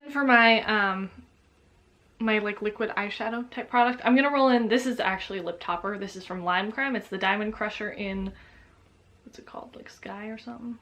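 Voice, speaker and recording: A young woman talking about makeup in a casual vlog, dramatic and swearing, growing loud when excited. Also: mid-range voice, a little fast. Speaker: beauty vlogger.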